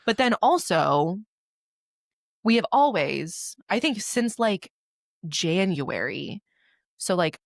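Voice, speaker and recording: A woman's voice: mid-range voice, very animated, slow pace, gravelly, long pauses, no echo, studio quality. A woman co-hosting a casual podcast chat, talking in a loose, filler-heavy way and acting out remembered quotes. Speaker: podcast co-host.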